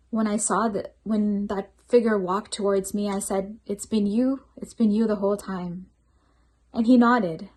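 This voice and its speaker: A woman's voice: mid-range voice, mellow. A woman, a night-shift healthcare worker, giving an earnest, reflective personal testimony at a devotional program.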